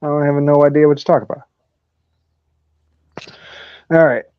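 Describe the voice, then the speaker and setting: This man hosts a weekly sports picks podcast, chatting casually with plenty of profanity and frequent laughter as he tells stories. His voice is fairly high and steady, at a normal speed, with a clean tone. The lo-fi audio sounds dull but has no echo.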